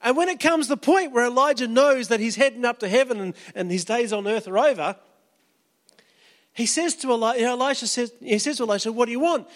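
High-voiced pastor preaching in a hall. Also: male voice, a little fast. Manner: casual, storytelling, acts out quotes. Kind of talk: sermon.

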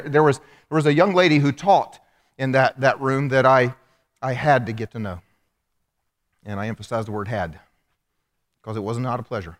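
A man preaching a sermon in a church, animated and humorous, acting out the voices of the people he quotes. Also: mid-range voice. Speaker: pastor. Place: church hall. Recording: long hall reverb.

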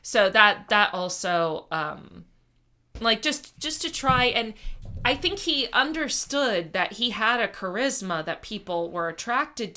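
A woman's voice: mid-range voice, bright, forceful tone. A woman hosting a casual podcast chat, talking through her notes and reading quotes aloud. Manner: chatty, reads quotes from notes. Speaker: podcast host.

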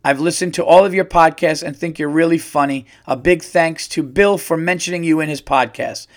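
A man's voice: a little high, normal speed. Profane, ranting podcast host, a man. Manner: profane, animated storytelling with acted-out quotes. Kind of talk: ranting comedic monologue.

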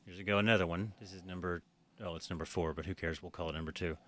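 A man's voice: deep voice, steady tone, fast, fairly bright tone, soft background music. A man hosting a podcast, chatting casually, laughing often and swearing freely. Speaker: podcast host. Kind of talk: casual chat.

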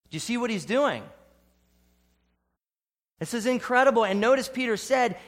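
A man preaching a sermon as pastor, dropping to soft, hushed lines and rising to bold, emphatic ones. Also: high-pitched, lively intonation, normal speed. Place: church.

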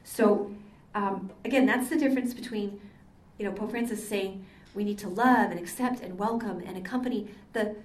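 Speaking at normal speed with few pauses, an older woman, a Catholic sister, keeps her voice at a medium pitch. Her chatty lecture runs on anecdotes and is full of ums. The mic sits far off in an echoey meeting hall.

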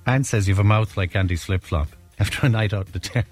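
A man's voice: on the low side, a little fast, soft background music. A middle-aged Irish man hosting a casual chat show, joking, laughing often and reading out listener messages. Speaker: radio host.

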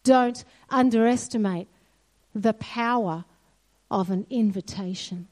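A woman's voice: a little high, slow pace. A woman giving a sermon in a church hall, earnest and storytelling. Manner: earnest, storytelling, quotes God softly. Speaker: church speaker.

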